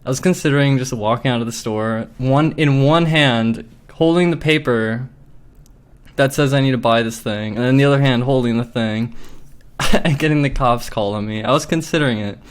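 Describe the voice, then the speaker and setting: A man's voice: medium pitch, clear, resonant tone. A man telling a story casually, agitated and swearing often, with lots of filler words. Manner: profane, agitated, filler-heavy.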